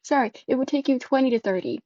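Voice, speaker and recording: Female game master, mellow higher voice, steady descriptive narration, dull lo-fi audio. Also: fast, no room sound.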